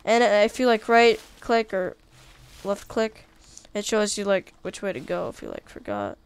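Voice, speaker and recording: A woman giving casual, chatty commentary while playing a video game, easily excited by what she finds. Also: medium pitch, normal speed, clean tone. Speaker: gaming video creator.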